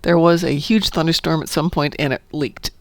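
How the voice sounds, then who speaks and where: A woman's voice: sits low, steady tone, normal speed, dry recording. A woman streaming a game, chatting casually, telling stories and cheering at the game. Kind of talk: casual chat while gaming.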